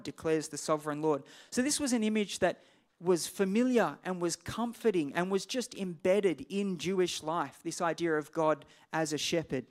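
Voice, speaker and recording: Casual, conversational male preacher. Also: sits high. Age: adult parent. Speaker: pastor. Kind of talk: sermon.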